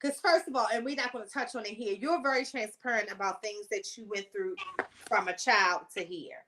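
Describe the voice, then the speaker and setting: A woman's voice: mid-range voice, brisk, pushed and bright, low-quality recording. A woman hosting a podcast, interviewing a guest in a casual and emphatic way. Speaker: podcast host.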